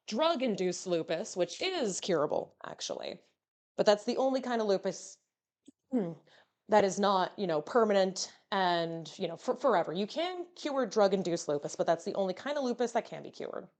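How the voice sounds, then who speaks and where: A woman streamer chatting casually with her live audience while she cooks. Her pitch swings widely and she sounds playful and animated. She keeps slipping in easygoing fillers as she talks. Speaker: VTuber streamer. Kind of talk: casual livestream chat while cooking.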